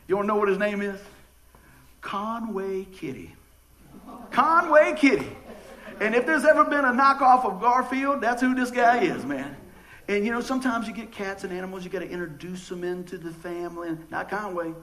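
A man's voice: sits high, quick pace, pushed and bright, a little hiss or hum, poor audio. A man preaching a casual sermon, telling jokey stories with many stammered restarts. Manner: folksy, joking storyteller with stammered restarts. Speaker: pastor.

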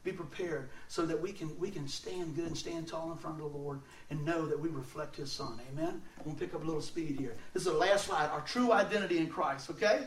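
A man giving a sermon, telling stories in an animated way and laughing often as he talks. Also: fairly high pitch, fairly quick, hardly any pauses. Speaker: preacher. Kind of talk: storytelling sermon. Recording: roomy sound, mic at a distance.

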